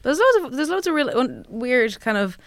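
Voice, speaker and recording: Woman, smooth voice, candid storytelling. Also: high-pitched, big pitch swings, normal speed, no room sound. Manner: candid storytelling, swears casually. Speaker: guest reviewer. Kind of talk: casual chat.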